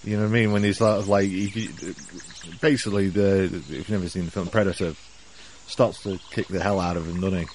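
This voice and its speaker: A man co-hosting a casual film chat, retelling scenes in an animated, rambling way. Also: deep voice, fairly quick, slight background noise. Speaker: podcast co-host.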